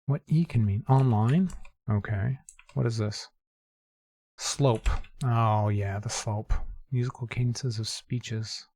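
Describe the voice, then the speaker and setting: A man's voice: mid-range voice, takes it slowly, mellow. A man hosting a gaming channel, casually thinking aloud as he works through word and number puzzles, muttering the clues to himself. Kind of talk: casual puzzle-solving commentary.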